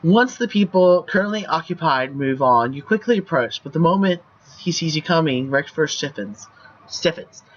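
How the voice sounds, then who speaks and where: A man's voice: a little high, expressive, moderate pace, highs cut off, slight background noise. A man streaming, reading a choice game's text aloud in a playful way with banter. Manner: playful, laughs at the lines.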